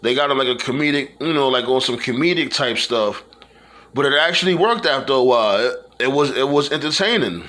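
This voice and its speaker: A man's voice: medium pitch, a little fast, a bit bright. A man talking casually in a loose, rambling monologue, full of fillers and restarts. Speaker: wrestling fan vlogger.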